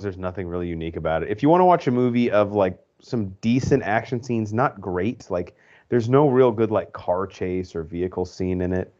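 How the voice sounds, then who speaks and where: A man with a fairly low voice talks through movies on a podcast, rambling and full of fillers as he gives his opinions. The audio is dull and lo-fi, like a home podcast setup. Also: darkish tone. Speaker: podcast co-host. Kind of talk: casual movie review chat.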